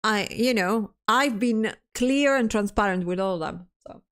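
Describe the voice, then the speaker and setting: A woman's voice: mid-range voice, a little slow, a bit bright. A stressed woman streamer in casual livestream chat, ranting, swearing often and restarting her sentences as she reads chat aloud.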